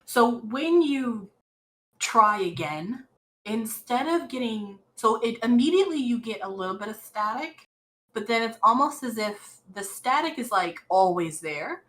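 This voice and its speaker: A woman running a tabletop role-playing game as game master, narrating slowly with many fillers and restarts. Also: on the high side, animated, a bit bright, low-quality recording.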